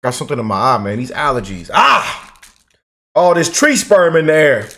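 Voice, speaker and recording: A male channel host delivers a heated commentary rant. His voice sits somewhat high, and he repeats himself and stacks up emphatic phrases as he gets worked up. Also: normal speed. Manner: animated, repetitive, emphatic. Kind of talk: ranting political commentary.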